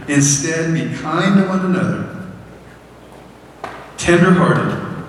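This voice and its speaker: A man preaches in a big echoing hall, his voice a touch high and heard from some way off the mic. He tells candid, self-mocking stories and pushes his voice up for the big points. Faint room noise sits underneath. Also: normal speed. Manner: candid storytelling with frequent self-deprecating laughs; rises high and loud for emphasis. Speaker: pastor. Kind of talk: sermon. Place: church sanctuary. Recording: echoey hall, voice from far off.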